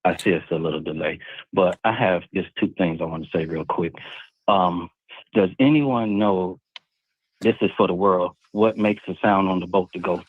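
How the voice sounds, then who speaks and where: Caller guy on a thin phone line, kinda low voice, goes on and on about what he heard. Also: moderate pace, no room sound. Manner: rambling, retells what he heard step by step. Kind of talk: casual call-in talk.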